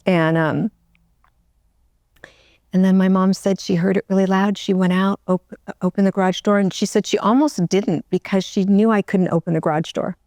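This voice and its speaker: Gravelly woman telling a story, near tears. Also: medium pitch, steady tone, darkish tone, no echo. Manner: emotional, halting, with many restarts. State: close to tears. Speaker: interview guest. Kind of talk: personal storytelling.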